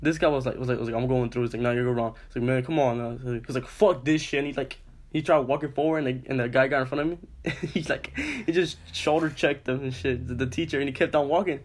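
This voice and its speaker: A man's voice: medium pitch, fast. Young man ranting profanely. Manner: profane, animated storytelling with lots of "I was like". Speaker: podcast co-host. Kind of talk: casual chat, storytelling.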